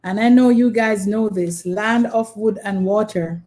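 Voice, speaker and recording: A woman's voice: medium pitch, a little slow, warm tone. A woman hosting a live online trivia quiz, patiently repeating her questions and prompting viewers. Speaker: quiz host.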